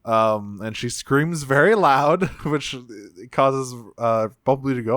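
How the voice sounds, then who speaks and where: A man's voice: mid-range voice, takes it slowly, few pauses, fairly bright tone, no room sound, clean studio sound. A man co-hosting a podcast, casually recapping a cartoon episode, swearing freely and acting out bits of dialogue with lots of fillers. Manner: laid-back, swears freely, many fillers, acts out lines. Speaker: podcast co-host.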